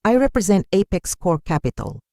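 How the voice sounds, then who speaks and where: Narrator reading a sleek British Nigerian male investor, businesslike, warm tone. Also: medium pitch, sing-song, brisk, gravelly, no echo, studio quality, voice pushed up. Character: polished male investor in a navy suit.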